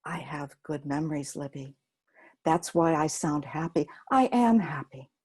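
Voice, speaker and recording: A woman storyteller voicing a gentle, wise elderly grandmother with a homespun, reassuring manner. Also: low-pitched, expressive, measured pace, breathy edge, voice pushed down, exaggerated voice.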